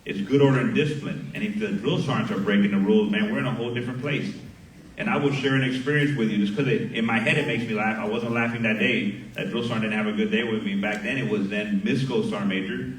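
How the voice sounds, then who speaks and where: A middle-aged man addresses a graduation ceremony from a podium, telling stories with lively energy and voicing the people in them. His voice carries through a large echoey hall, heard from some way off, with a faint hum of the crowd underneath. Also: lowish voice, fast talker, far from the mic. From Miami. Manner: energetic storytelling with acted dialogue. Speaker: sergeant major giving a graduation speech. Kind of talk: ceremony speech. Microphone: podium microphone.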